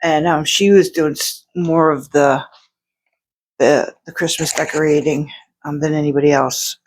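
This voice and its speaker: Speaking in a deep, unhurried voice with fairly even intonation, this woman is an outsider artist vlogging from home. She talks to her viewers on camera in a loose, rambling way, full of fillers and restarts.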